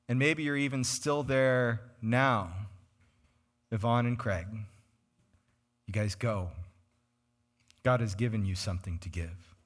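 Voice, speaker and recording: A man preaching a sermon as a pastor, conversational and animated, speaking to his congregation in a church. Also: medium pitch. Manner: conversational and animated, names congregants, acts out quoted voices. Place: church sanctuary.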